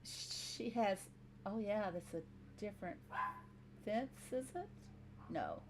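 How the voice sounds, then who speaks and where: A woman speaks with a Southern American twang in an easygoing, mid-pitched voice. She hosts a casual reaction commentary, chatting with her viewers. She often breaks into laughter and teases herself. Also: sing-song, slow, background noise. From Southern United States. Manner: chatty, laughs often, self-deprecating asides. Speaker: host.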